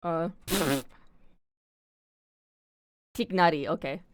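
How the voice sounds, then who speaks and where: A woman's voice: fairly low pitch, very slow, slight background noise. A young woman from Canada chatting casually on a live stream, rambling with lots of fillers and casual swearing.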